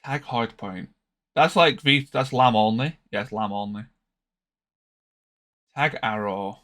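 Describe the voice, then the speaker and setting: A man's voice: fairly low pitch, takes it slowly, fairly bright tone. A tired man streaming a strategy game, thinking aloud with hesitant, trailing casual commentary. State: tired, yawning.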